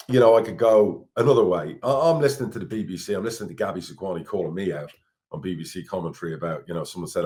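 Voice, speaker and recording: A man's voice: low voice, animated, racing, a little mellow. A middle-aged Irish man, a football club chairman, talking candidly on a podcast, blunt and swearing freely. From Ireland. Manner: blunt, swears freely, repeats words when worked up.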